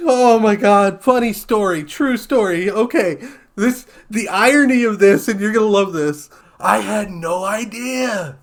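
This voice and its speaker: A young man with a high, light voice chats casually as he reacts to a TV episode. He tells a story with big energy and laughs often. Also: measured pace. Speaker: reaction channel host.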